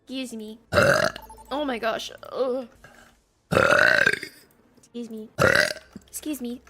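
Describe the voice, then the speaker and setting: A woman's voice: on the high side, slow pace, long pauses. A young woman talking casually in short clips, often exclaiming and excusing herself.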